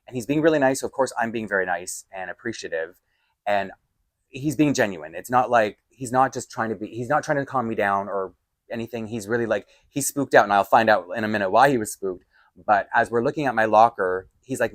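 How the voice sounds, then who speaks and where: Male vlogger, storytime, animated and exasperated, close dry mic. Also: lowish voice, fairly quick, no room sound. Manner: animated, exasperated storytelling with sudden loud outbursts. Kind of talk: casual storytime vlog.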